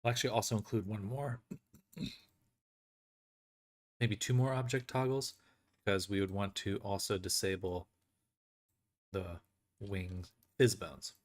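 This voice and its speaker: Man, somewhat low voice, casual tutorial, thinking out loud, self-correcting. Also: steady tone, measured pace, pauses often. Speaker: avatar creator.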